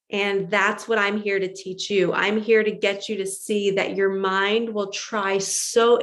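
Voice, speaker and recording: A middle-aged woman speaks straight to her viewers as a spiritual coach. She is earnest and emphatic and sometimes acts out her own inner voice. Her voice sits at an ordinary pitch for a woman. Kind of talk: motivational monologue to viewers.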